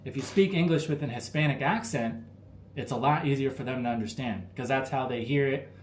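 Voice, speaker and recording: A man's voice: medium pitch, brisk. American guy rambling casually on a livestream, lots of likes and you knows, roomy echo, faint background hum. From United States. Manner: laid-back, rambling, lots of fillers. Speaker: livestream host answering chat. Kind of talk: casual live Q&A chat.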